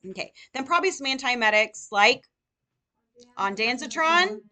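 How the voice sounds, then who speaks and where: A woman nursing tutor lecturing a live class, firing rapid questions at her students. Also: high-pitched, animated, bright, forceful tone.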